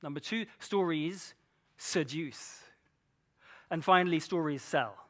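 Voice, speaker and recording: High-voiced man giving a playful talk. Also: slow pace, fairly bright tone. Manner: playful, engaging, with rhetorical questions. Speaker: keynote speaker. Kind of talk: conference talk.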